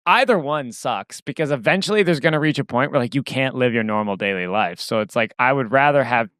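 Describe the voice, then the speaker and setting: Man, podcast host, chatty, laughing easily, crisp, bright tone. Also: medium pitch, lively intonation, a little fast, no room sound, clean studio sound. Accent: put-on Boston accent in the outro. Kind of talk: casual chat.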